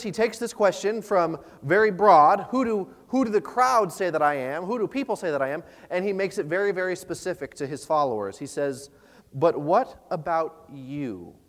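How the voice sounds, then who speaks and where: A pastor giving an earnest, conversational sermon, often repeating words and using fillers. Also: male voice, high voice. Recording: long reverb of a large hall.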